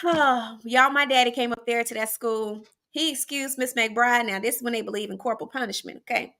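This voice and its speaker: Woman, host, chatty storytelling, high voice, bright tone. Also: moderate pace. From Arkansas, USA. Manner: chatty and animated, often addressing listeners directly. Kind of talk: casual storytelling to the audience.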